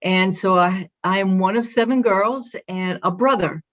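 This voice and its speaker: A woman's voice: mid-range voice, a little slow, a bit bright. Proud Brooklyn-accented woman, lo-fi. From Brooklyn, New York. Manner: upbeat, proud, storytelling. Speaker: guest, athletic director. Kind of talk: casual interview.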